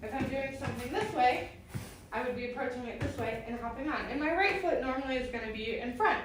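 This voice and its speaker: A woman's voice: sits high, fast. A woman teaching a live-streamed roller skating lesson, chatty and giggly, breaking off to coax her dog. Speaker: roller skate instructor. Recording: very echoey, far from the mic, faint noise.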